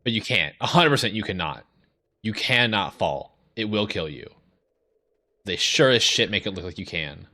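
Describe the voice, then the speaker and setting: A man with a fairly low voice narrates his own gameplay live, grumbling and cursing at every setback. His speech swings widely between low mutters and sharp high outbursts. The tone is bright and forceful. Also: animated, moderate pace. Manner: profane, exasperated running commentary. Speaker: streamer.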